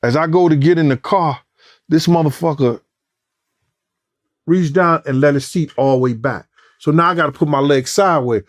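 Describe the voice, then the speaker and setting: A man recounting events as a former bodyguard in an animated, profane interview, acting out voices and sounds. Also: a little high, moderate pace, pauses often, dry recording, studio quality. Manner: profane, acts out quotes and sounds, rising excitement.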